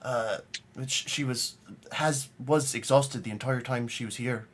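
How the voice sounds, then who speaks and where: A man's voice: mid-range voice, unhurried, noisy background, lightly acted. A man voicing an old, polite male gnome prisoner who stammers and hesitates a lot. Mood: hesitant.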